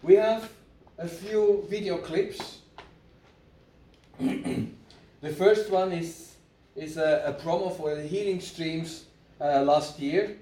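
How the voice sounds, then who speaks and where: Warm and fairly high-pitched, the preacher speaks slowly and pauses often, repeating his points and leading the congregation in call-and-response. The audio comes from an echoey room with a far-off mic.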